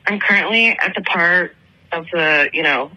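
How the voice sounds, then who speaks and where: A woman's voice: on the low side, normal speed, sharp tone, low-quality recording. A woman in her twenties from Atlanta tells a story in a casual, chatty voicemail, full of "like" and fillers. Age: 20s. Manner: chatty, filler-heavy, lots of "like". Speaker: listener calling in with a voicemail.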